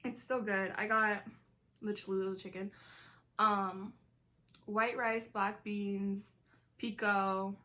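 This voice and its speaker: This mukbang vlogger, a woman in her twenties, talks in a medium-pitched, bright and forceful voice yet delivers it flatly, slowly and with frequent pauses. Eating as she chats, she's casual and talkative, full of "like" and giggly asides.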